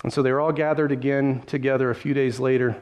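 A pastor telling a Bible story in a sermon, vivid and lively, with conversational asides. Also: male voice, medium pitch, fast, dull audio.

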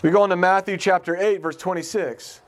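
A man's voice: sits high, steady tone, brisk, slight background noise. A man giving an informal Bible teaching in a conversational way, asking his listeners questions as he goes. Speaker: pastor.

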